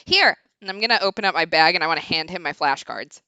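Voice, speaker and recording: Young woman player, clear bright voice, animated and playful. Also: on the low side, quick pace, dry recording, muffled recording. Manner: playful, giggly. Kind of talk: casual tabletop play.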